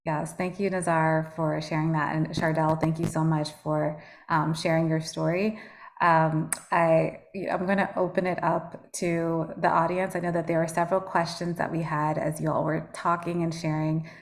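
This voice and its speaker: A woman's voice: sits low, flat delivery, normal speed. A woman moderating an online patient panel, speaking hesitantly with frequent fillers, over a video call.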